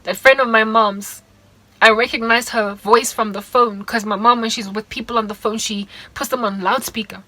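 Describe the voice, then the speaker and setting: A woman's voice: on the high side, steady tone, normal speed, pushed and bright, no room sound, poor audio. A young South African woman with a South African accent, earnestly sharing a hurt, confiding personal testimony in a vlog. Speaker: vlogger.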